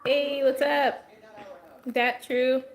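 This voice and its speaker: A woman's voice: high-pitched, little pitch movement, extremely slow. A woman hosting a casual livestream, talking straight to her viewers and answering their comments, with a voice that is wearing out from a long stretch of talking. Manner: chatty, answers viewer comments as they come in. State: losing her voice. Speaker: livestream host.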